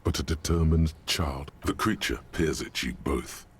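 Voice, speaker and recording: A man's voice: extremely low pitch, a little slow. A man giving grave, ominous scripted narration as a detective's inner voice in a video game.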